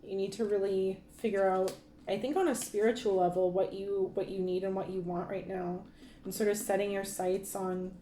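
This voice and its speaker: A woman's voice: medium pitch, flat delivery, moderate pace, mellow, reverberant, a little hiss or hum. A woman giving a casual tarot card reading, talking in a rambling way with many fillers and restarts. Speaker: tarot reader.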